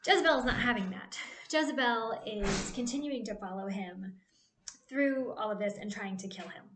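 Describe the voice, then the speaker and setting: A woman giving a casual devotional Bible talk, retelling the stories in a chatty, animated way and checking in with "right?". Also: mid-range voice, moderate pace, noisy background. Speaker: Bible study speaker. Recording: roomy echo.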